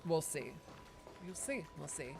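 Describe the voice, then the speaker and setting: A man's voice: fairly high pitch, big pitch swings, a little slow, gravelly, darkish tone, faint music behind. A man from Ireland, chatting casually and rambling as he streams a game, swearing and laughing often. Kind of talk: casual livestream chat.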